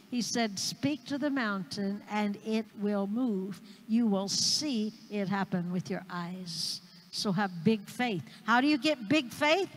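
A fairly high-voiced woman evangelist preaches in an unhurried, deliberate rhythm. She stresses and repeats her key phrases for the congregation. Her voice rings out with a long reverb tail in a church hall. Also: fairly bright tone. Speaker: missionary evangelist. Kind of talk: sermon.

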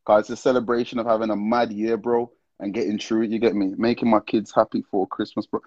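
A man's voice: on the low side, flat delivery, quick pace, darkish tone, no room sound, dull audio. Slangy man hosting a live stream. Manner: slangy, greets viewers one after another, laughs often. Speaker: livestream host. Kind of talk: casual live-stream chat.

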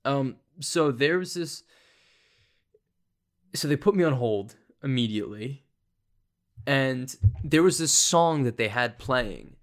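A man's voice: mid-range voice, animated, slow, long pauses. A man hosting a solo comedy podcast, rambling through stories with a sarcastic, self-deprecating manner. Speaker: podcast host.

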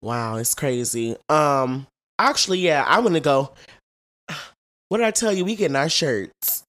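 Lively, playful podcast co-host. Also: medium pitch, unhurried. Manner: playful, slangy, swears freely. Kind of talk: casual chat.

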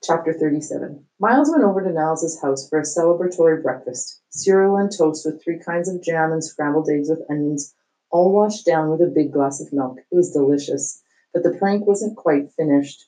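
A woman's voice: low voice, moderate pace, dark tone, rough recording. A woman reading a children's book aloud, stopping to explain hard words with small fillers. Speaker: reader.

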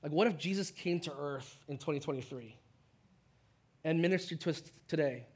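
A man preaching a sermon as pastor, conversational, acting out quick voices of the people in the story. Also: a little high, darkish tone, slightly rough.

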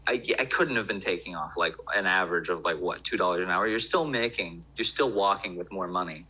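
A man's voice: low voice, a little fast, pushed and bright, slightly rough, low-quality recording. A man who worked in restaurants, talking in loose casual chat with many restarts. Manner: rambling, lots of fillers and restarts.

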